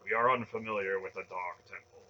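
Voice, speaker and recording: A man voicing a stern old male sorcerer, speaking smoothly and deferentially. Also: low voice, fairly even intonation, fairly quick, lo-fi sound. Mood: courteous. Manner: smooth, deferential pilgrim act.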